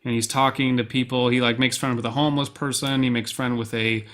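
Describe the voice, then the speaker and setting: A young man co-hosting a podcast, chatting casually and excitedly, rambling and swearing freely. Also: medium pitch, quick pace. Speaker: podcast co-host. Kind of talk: casual chat.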